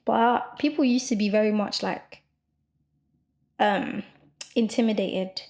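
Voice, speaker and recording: A young woman co-hosting a podcast, talking loudly and quickly in a rambling casual chat full of fillers. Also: mid-range voice, fairly even intonation. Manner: loud, fast rambling with many fillers. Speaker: podcast co-host.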